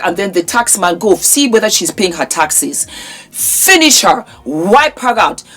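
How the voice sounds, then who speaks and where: In England, a woman vlogger with a sore throat gives an impassioned, scolding commentary full of emphatic repetition. Her voice is husky and medium-pitched.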